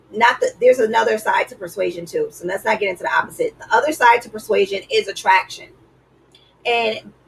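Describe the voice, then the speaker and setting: A woman's voice: mid-range voice, creaky, a bit bright, distant mic, slight background noise, low-quality recording. A woman vlogger giving earnest, preachy relationship advice in a casual way, with lots of "like".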